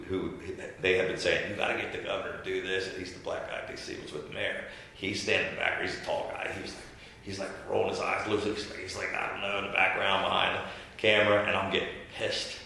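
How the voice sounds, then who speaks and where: A man's voice: deep voice, a little fast, vocal fry, a little hiss or hum. A man telling a story in a casual interview, acting out what others said. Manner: animated storyteller who acts out quotes. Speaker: former governor being interviewed. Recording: very echoey room.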